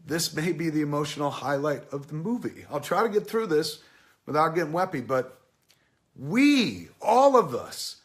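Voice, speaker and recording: A man's voice: a little high, very animated, moderate pace. A man in his forties giving a casual, rambling film review, swearing often and getting emotional as he tells the story. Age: 40s.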